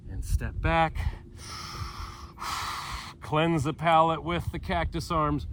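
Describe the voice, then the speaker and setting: Leading yoga outdoors where the mountains are visible, this instructor speaks extremely slowly in a fairly high, slightly bright voice, pausing often. He cues poses with playful asides while breathing hard, and the audio carries a faint hiss or hum.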